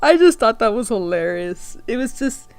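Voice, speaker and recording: A woman vlogger recounts a funny memory in a loose, chatty way. Her voice sits a little high, and she breaks into laughter often while acting out what people said. Quiet music plays underneath. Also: normal speed, smooth, no room sound. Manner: animated, laughs often, acts out quotes. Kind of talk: casual storytelling vlog.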